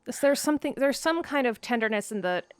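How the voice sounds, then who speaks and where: Woman calmly reading game text aloud. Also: a little high, smooth. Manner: calm, measured narration, with hesitant, searching commentary. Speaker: let's play host reading a text game.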